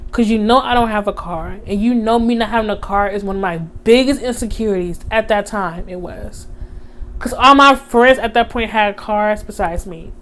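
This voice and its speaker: A young woman, telling a storytime on her vlog in casual chat, animated, with many fillers, acting out the voices of others. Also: mid-range voice, moderate pace. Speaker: vlogger.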